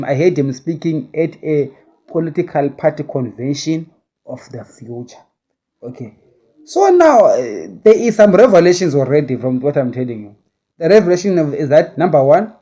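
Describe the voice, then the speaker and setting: A man's voice: medium pitch, dark tone, highs cut off. A man recounting a vision in a casual spoken monologue, rambling and hedging as he talks. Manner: rambling, with many restarts and hedges.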